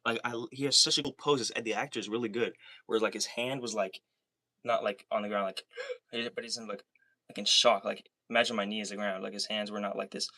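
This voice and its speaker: A young man livestreaming alone, talking in a rambling, excitable way, full of fillers and swearing. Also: fairly low pitch, fast talker, no echo. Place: small soundproofed room.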